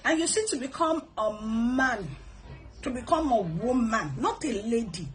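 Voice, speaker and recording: A middle-aged woman with a Nigerian accent, hosting a casual advice talk. She reads viewer comments in an animated, preachy way, blessing her viewers. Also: on the high side, unhurried, poor audio. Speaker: host.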